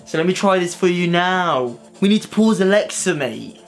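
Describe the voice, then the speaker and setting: A man's voice: high voice, animated, moderate pace, soft background music. A young British man with an English accent vlogging casually to camera, slangy and sweary, tagging "mate" onto his sentences. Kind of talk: casual vlog talk to camera. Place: at home, then by car and outdoors.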